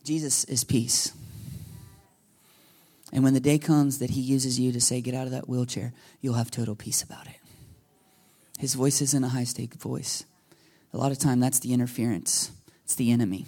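A man preaching a sermon as a pastor, telling stories with lively energy and acting out conversations with God. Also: medium pitch, unhurried, long pauses. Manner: animated storytelling, acting out dialogue with God. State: a little emotional.

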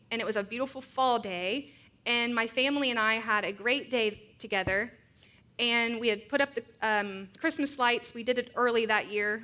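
A woman's voice: fairly high pitch, sharp tone. A woman preaching a sermon, earnest and reflective, mixing scripture with personal stories.

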